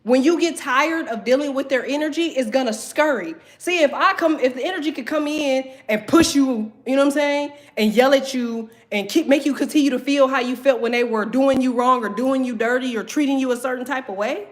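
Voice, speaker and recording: A young woman talks straight to her viewers with emphatic, blunt delivery. She curses constantly and pushes her point home. Her voice sits a bit high. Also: a little fast, few pauses. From Southern United States. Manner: blunt, heavy cursing, emphatic. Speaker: tarot reader teaching a class. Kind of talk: profane motivational talk to viewers.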